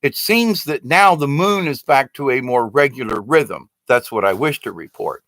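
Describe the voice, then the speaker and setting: A man's voice: mid-range voice, expressive, normal speed, a bit bright, dry recording. A man in his sixties from the United States talking in a rambling, casual monologue who keeps getting indignant and exasperated. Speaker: video blogger.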